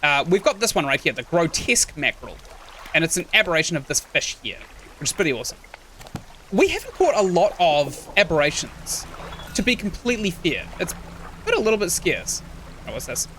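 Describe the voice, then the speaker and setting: A man's voice: on the high side, big pitch swings, fairly quick, sharp tone, a little hiss or hum. A young man chatting casually while streaming a video game and reading its text aloud. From New Zealand. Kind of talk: casual gameplay commentary.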